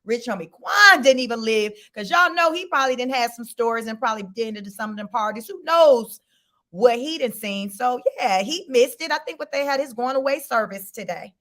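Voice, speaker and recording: A woman hosting a casual live-stream, chatty and animated, laughing often, speaking. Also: a little high, normal speed. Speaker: host.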